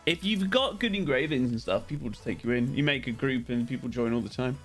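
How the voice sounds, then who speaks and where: A man's voice: mid-range voice, a little fast, fairly bright tone, faint music behind. Chatty man streaming a game. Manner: rambling, chatty, greets viewers by name. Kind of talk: casual live-stream chat.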